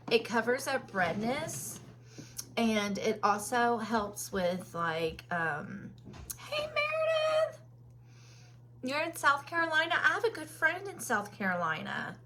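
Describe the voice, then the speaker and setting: A woman from Kentucky speaks with a Southern accent and a bright, forward tone. She takes her time over a chatty live-stream makeup session. She fills the gaps with ums and greets each viewer by name. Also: fairly high pitch, sing-song, takes it slowly. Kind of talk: casual live-stream chat.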